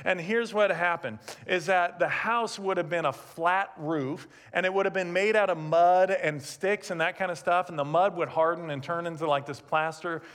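Male pastor, fairly high voice, lively storytelling sermon delivery. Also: normal speed, hardly any pauses. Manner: animated storytelling with asides and laughs. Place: church sanctuary, also streamed.

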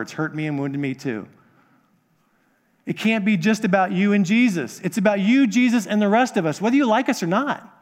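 High-voiced earnest male pastor preaching. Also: big-room sound. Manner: earnest, repeats phrases for emphasis. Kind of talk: sermon.

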